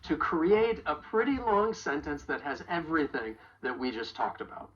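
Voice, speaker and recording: A woman teaching English pronunciation in a video lesson, carefully modeling example phrases slowly and clearly. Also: deep voice, big pitch swings, muffled recording, a little hiss or hum.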